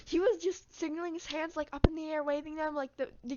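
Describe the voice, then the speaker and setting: High-voiced rambling young woman. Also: steady tone, fast, hardly any pauses, dull audio, noisy background. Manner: rambling casual, crude joking. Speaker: vlogger. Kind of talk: storytime vlog.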